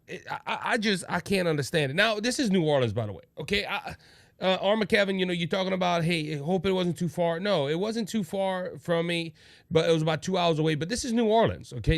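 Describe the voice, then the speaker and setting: A man's voice: high voice, no room sound, studio quality. A man hosting a casual political talk show from Louisiana, rambling and restarting often, reading viewer comments aloud. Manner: rambling, repeats himself and restarts. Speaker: podcast host.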